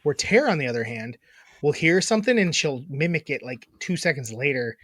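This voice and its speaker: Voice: medium pitch, animated, a little fast, a bit bright, slightly rough, no room sound, studio quality. A podcast co-host in casual chat who laughs, swears, and mocks their own failed accent attempts. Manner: laughing, swearing, self-mocking.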